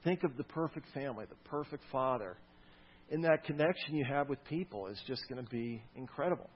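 A man preaching a sermon to his congregation, swinging from loud, stressed lines to soft, quiet asides. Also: medium pitch, animated, fairly quick, slightly rough, highs cut off. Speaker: pastor.

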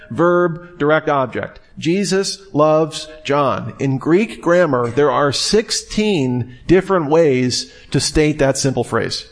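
A middle-aged man giving a classroom lecture in a conversational way, with wry asides. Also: medium pitch. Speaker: teacher.

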